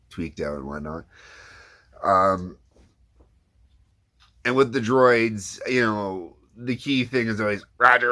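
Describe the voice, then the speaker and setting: A man with a low, deep voice talks in a loose, meandering way. He is the creator and host of his own animation series, chatting casually about how it gets made. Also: fairly bright tone. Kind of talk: casual behind-the-scenes chat.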